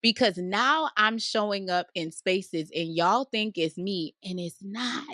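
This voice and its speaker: Loud, bright-voiced woman with a cackle. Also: medium pitch, unhurried, no echo, studio quality. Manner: loud, cackling laugh, exclamatory. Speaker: podcast guest, credit consultant. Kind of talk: animated casual interview talk.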